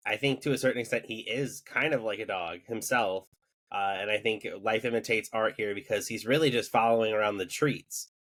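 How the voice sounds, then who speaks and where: A man co-hosting an anime podcast, talking in a measured, analytical way. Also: lowish voice, a bit bright. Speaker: podcast co-host. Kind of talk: casual anime discussion.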